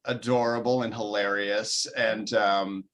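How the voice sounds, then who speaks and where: A man, a comedian guest, chatting in an interview in a halting way, full of ums and uhs, and laughing easily. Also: on the low side, little pitch movement, fairly bright tone. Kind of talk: casual interview chat.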